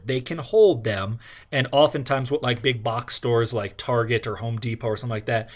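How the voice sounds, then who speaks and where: A man teaching a law class, explaining steps through examples. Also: medium pitch. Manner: explanatory, uses examples and restarts. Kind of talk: classroom lecture.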